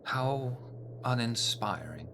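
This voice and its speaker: A man voicing a mysterious, menacing woman who delivers measured, ominous warnings. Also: fairly low pitch, pushed and bright, a little hiss or hum.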